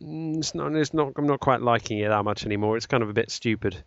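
A co-host with a creaky, medium-pitched voice talks at a quick pace in casual podcast banter, rambling, self-correcting and saying "um" frequently. The sound has no echo and comes across dull and a bit lo-fi.

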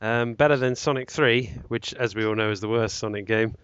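In casual podcast chat, this co-host rambles, fills gaps with "um" and keeps correcting himself. His medium-pitched voice is steady, clear, resonant and fairly bright, a little fast. The dry recording sounds dull and somewhat lo-fi.

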